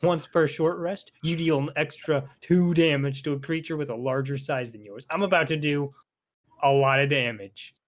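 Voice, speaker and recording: A man's voice: on the high side, moderate pace. A man playing a tabletop game, chatting casually in a cheery, wry way about his character's moves. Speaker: player.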